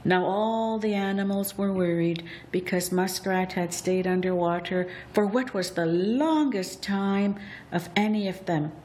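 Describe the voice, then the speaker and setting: A woman narrates a legend in storybook fashion, drawing her phrases out slowly and expressively. Her voice sits at a middle pitch with a deliberate, unhurried pace. A faint hiss lies under the recording. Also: darkish tone.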